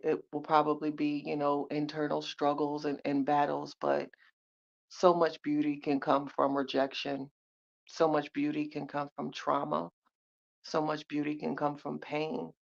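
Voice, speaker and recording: A woman's voice: deep voice, creaky. A woman in her thirties hosting a live chat, giving heartfelt motivational talk, repeating her phrases and greeting viewers by name. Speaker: livestream host. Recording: dull lo-fi livestream audio.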